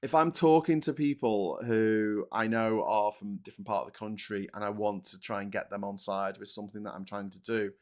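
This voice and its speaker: A man's voice: lowish voice, fairly even intonation, fairly quick, hardly any pauses. A man with a Liverpool accent hosting a live-stream political chat, ranting with stammering restarts and swearing. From England. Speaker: livestream host.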